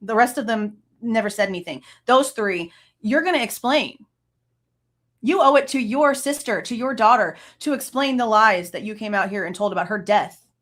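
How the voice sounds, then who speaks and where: A woman's voice: fairly high pitch, normal speed, a bit bright. Furious woman ranting on her channel. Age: late 30s. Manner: heated, profane, exasperated. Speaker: true crime channel host. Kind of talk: angry reaction rant.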